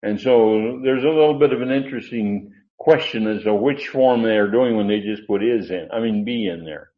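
Speaking at a normal speed in a voice on the low side, a man teaches Bible grammar to a class. He drifts into digressions, stumbling over fillers and restarts, then drives his central points home hard. The sound quality is dull and lo-fi.

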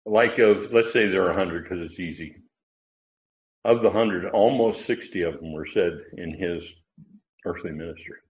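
A very low-pitched man leads a casual Bible class, thinking aloud as he goes and circling back on his phrasing. The recording is muffled and lo-fi. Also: moderate pace. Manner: conversational, thinking aloud with fillers and restarts. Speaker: Bible teacher. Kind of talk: informal Bible lesson. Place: class with online listeners.

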